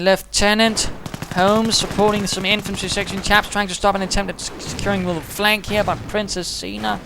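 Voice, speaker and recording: Fast-talking male game commentator. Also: high voice, bright, forceful tone, slight background noise. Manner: fast, chatty, dryly humorous, British turns of phrase.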